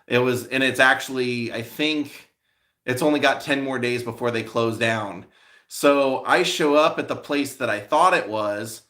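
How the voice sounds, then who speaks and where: This man hosts a live stream as a vlogger, talking casually with his audience in a rambling way, restarting often and leaning on fillers. He speaks at medium pitch, at a measured pace, with a sharp tone.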